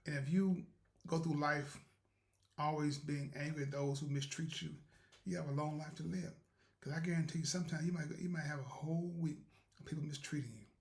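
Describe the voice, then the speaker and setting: A man with a higher-leaning, darkish-toned voice hosts a motivational show. In relaxed storytelling, he rambles through a homespun tale about doing right and encourages listeners spiritually.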